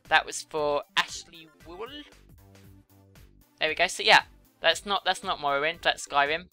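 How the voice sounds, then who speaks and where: A woman's voice: low voice, sharp tone. A young woman chatting casually while she draws, giggling and teasing herself. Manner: chatty, giggly, self-deprecating. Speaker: YouTuber. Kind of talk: casual commentary while drawing.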